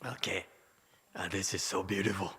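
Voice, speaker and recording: A man teaching a Buddhist dharma lecture, animated and teasing, with many rhetorical questions to his listeners. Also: low-pitched, normal speed, slightly rough. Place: temple lecture hall. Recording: hall reverb.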